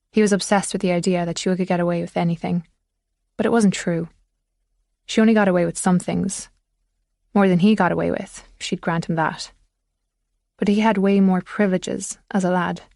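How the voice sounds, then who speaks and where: A woman's voice: on the low side, creaky, a little mellow, no echo, clean studio sound. Woman narrating a thriller audiobook. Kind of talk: scripted narration.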